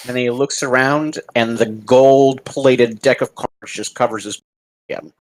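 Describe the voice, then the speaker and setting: A man narrating and running a tabletop game as game master, in a calm, deliberate way. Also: medium pitch, rough recording.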